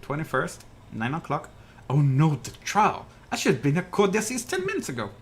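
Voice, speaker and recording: A man's voice: on the high side, expressive, a little fast, a bit bright. A man voicing an anxious young male bird lawyer, reading game dialogue aloud with a worried, muttering manner.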